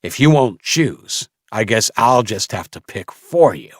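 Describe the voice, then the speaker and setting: Audiobook villain: a cruel, enraged captor who roars and growls, voiced higher and rougher, as a man puts him on. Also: expressive, a little slow, no room sound, clean studio sound. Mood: menacing. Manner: roaring and growling. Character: enraged cruel adult male captor with a rifle.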